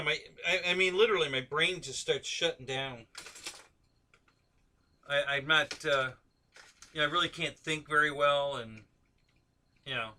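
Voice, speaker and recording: A man's voice: fairly high pitch, bright, forceful tone, slight background noise. A man hosting a casual live-stream chat, rambling with many fillers and restarts, yawning now and then. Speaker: host of a radio-control aviation live stream.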